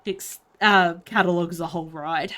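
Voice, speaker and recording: A woman's voice: on the low side, steady tone, a little fast, bright, forceful tone. A woman from Australia with an Australian accent, chatting bluntly and swearing freely while she streams a game. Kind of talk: casual chat while gaming.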